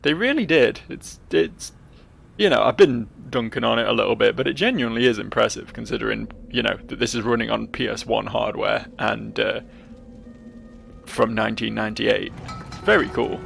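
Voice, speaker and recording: A man's voice: lowish voice, creaky, a bit bright, slight background noise. A man giving wry, sarcastic commentary while playing a video game. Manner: wry, sarcastic, reads game dialogue aloud in quick put-on voices. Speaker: let's play host. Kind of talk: casual gameplay commentary.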